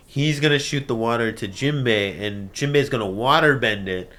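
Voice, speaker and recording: A man giving casual, animated reaction commentary on an anime episode, moving from mumbled asides to loud outbursts and frequent laughter. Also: on the low side, normal speed, few pauses.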